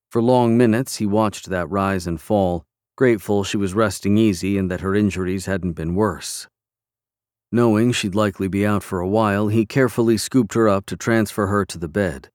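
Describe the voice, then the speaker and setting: Calm male audiobook narrator, lowish voice, dry close read. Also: no echo.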